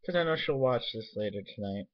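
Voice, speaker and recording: A man's voice: mid-range voice, animated, a little fast. A young man rambling casually in a home vlog, swearing freely while getting over a nosebleed. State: recovering from a nosebleed, tastes blood. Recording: dull lo-fi webcam recording.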